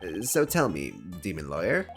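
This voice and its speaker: A man's voice: sits low, wildly swooping pitch, moderate pace, faint music behind, pitched above the performer's own voice, exaggerated voice. Man doing a brash New York caretaker. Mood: folksy. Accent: put-on New York. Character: sneaky scheming male caretaker, folksy thief.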